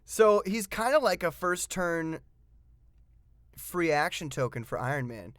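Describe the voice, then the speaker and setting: A man's voice: on the high side, very animated, unhurried, fairly bright tone, no echo, studio quality. A man giving a casual, enthusiastic hobby review of tabletop game pieces, reading the rules aloud and commenting between frequent fillers.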